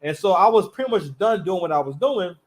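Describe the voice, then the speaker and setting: Male streamer, high-pitched, casual rambling storyteller. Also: animated, fairly quick. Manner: loose, rambling, full of restarts and slang. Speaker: live stream host.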